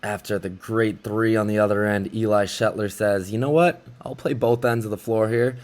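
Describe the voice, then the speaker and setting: A young man casually recapping basketball highlights like an excited fan commentator. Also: normal speed.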